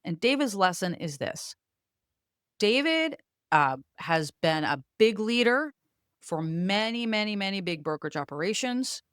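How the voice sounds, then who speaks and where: A woman's voice: fairly low pitch, a bit bright, clean tone, no echo, studio quality. A woman with a light coastal Virginia accent, talking as a host in an emphatic, preachy, frank way and swearing casually as she coaches on leadership. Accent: light coastal Virginia Southern. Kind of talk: motivational talk to camera.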